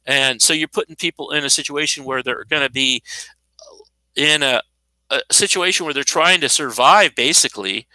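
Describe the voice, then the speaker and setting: Speaking at medium pitch and a moderate pace, with a pushed, bright voice, a U.S. commentator in his fifties rambles through an indignant, sarcastic, unscripted monologue and restarts often. Audio is poor and echo-free.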